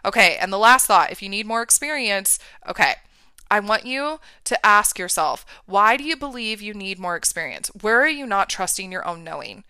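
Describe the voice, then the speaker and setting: A woman's voice: mid-range voice, sing-song, normal speed, sharp tone, clean tone, no echo, studio quality. A woman coach giving an emphatic motivational talk, often checking in with "right?" and "okay". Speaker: mindset and business coach for women.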